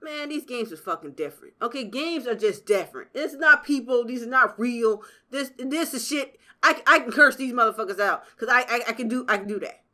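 A woman gaming YouTuber doing let's play commentary, profane and excitable, yelling at the game. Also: fairly high pitch, fairly quick, hardly any pauses.

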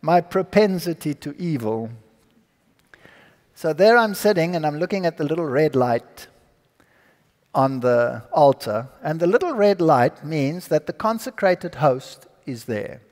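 A man giving his personal testimony to an audience, telling the story in an animated, dramatic way. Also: a little high, a little slow. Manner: animated, dramatic storyteller who acts out dialogue. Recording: long hall reverb.

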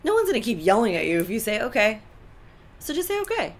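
A woman co-hosting a talk show, giving relationship advice in an animated, emphatic way with lots of repetition. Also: fairly high pitch, fast. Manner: animated, emphatic, repeats points. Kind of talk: casual advice chat.

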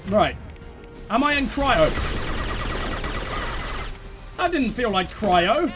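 A man commentating his own gameplay, excitable, swearing freely and giving orders to his teammates. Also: sits high, a little slow, music in the background. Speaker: let's play host.

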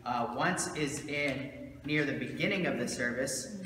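Bright-voiced pastor in an echoey church. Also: male voice, mid-range voice, measured pace, a little hiss or hum. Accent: Southern American. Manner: conversational, many fillers and asides. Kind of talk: casual teaching talk in church. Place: church sanctuary. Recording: roomy church hall with long echo.

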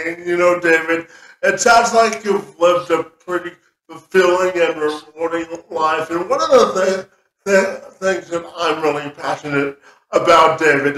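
A man hosting an interview, asking questions slowly with many pauses and fillers. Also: a little high, fairly bright tone. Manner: slow, searching, fills pauses with uh. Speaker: podcast host. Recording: roomy, distant mic.

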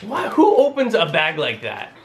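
A man's voice: a little high, huge pitch swings, moderate pace, gravelly, a crowd in the background. A tired man from Canada, chatting casually and rambling a little as he hosts his family vlog. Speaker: family vlogger.

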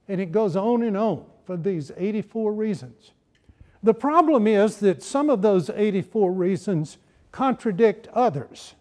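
A man with a high, warm voice lectures to a campus audience. He tells his points as stories, slipping in wry jokes. The tone stays mellow and relaxed. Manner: humorous storytelling, wry asides. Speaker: historian giving a lecture.

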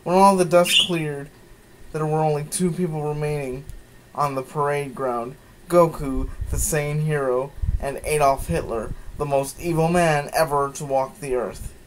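A man with a slightly high voice, fairly even intonation, and a somewhat slow pace reads fan fiction in a mocking, dramatic way. He keeps breaking off with incredulous asides, sighing and laughing. There is background noise in the recording.

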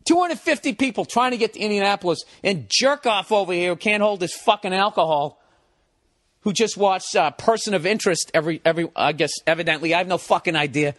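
American comedian in his 40s, cursing nonstop, fairly high voice, dry close sound. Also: brisk, dry recording. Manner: animated, swearing, exasperated. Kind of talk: profane comic storytelling.

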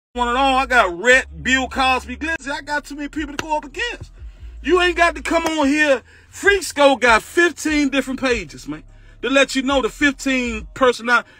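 A man's voice: very high voice, bright, forceful tone, dry recording. A man hosting a livestream, ranting in a heated, confrontational way, repeating himself and swearing often. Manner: heated, repetitive, confrontational, profane. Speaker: livestream host.

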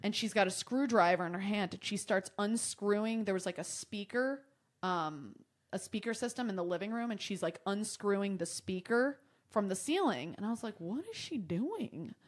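A young adult woman from Michigan, USA, guests on a podcast and tells a comic story in casual chat, swearing freely and acting animated and exaggerated. Her voice is medium-pitched at a moderate pace.

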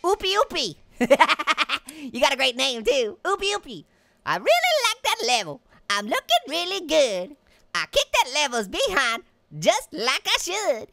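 A squeaky, giggly cartoon orange. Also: wildly swooping pitch, a little slow, vocal fry, pushed and bright, no room sound, clean studio sound, heavily acted. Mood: playful. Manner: giggly, punning, chattering nonstop. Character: hyper male talking orange fruit, pun-loving and cheeky. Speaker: game player. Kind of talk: cartoon character let's-play commentary.

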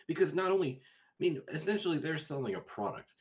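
A man's voice: a little high, big pitch swings, quick pace. A man streaming a game live, bantering with chat in a crude, joking way.

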